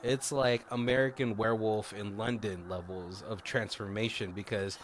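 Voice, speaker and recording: A man's voice: on the low side, steady tone, moderate pace, a little hiss or hum. A man casually recapping a movie plot on a podcast, rambling with lots of fillers and self-corrections. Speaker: podcast co-host.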